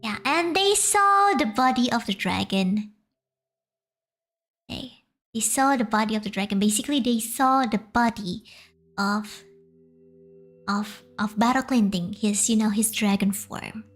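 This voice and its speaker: A woman's voice: a little high, unhurried, long pauses, fairly bright tone. A young woman with an Indonesian accent, whose first language is Indonesian, hesitantly retells a folk tale on stream in English, translating as she goes.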